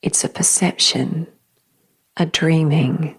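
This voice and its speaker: A woman hosting a spiritual podcast, speaking softly and slowly in a whispery, reflective way. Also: sits low, fairly even intonation, breathy edge. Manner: soft, slow, often whispery and emotional. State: tearful at times. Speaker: podcast host.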